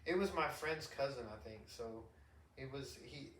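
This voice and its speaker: Chatty dad host, echoey far mic. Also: male voice, medium pitch, moderate pace, slight background noise. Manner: animated storyteller, laughs often, rambling restarts. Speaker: podcast host. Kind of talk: casual chat. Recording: roomy echo, distant mic.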